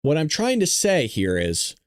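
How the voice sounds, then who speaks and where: Guy hosting a live stream, rambling and exasperated, voice jumps all over, kinda high, very dry close sound. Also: huge pitch swings, a little slow, dry recording. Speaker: show host. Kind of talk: casual live-stream commentary.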